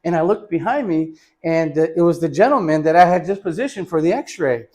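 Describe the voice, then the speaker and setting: A man's voice: fairly high pitch, animated, a little fast. A man teaching chest X-ray positioning, talking casually to students and giving patients instructions. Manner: casual, talks to students as "you guys"; gives patient instructions loudly. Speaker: radiography instructor. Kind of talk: hands-on teaching demonstration and storytelling.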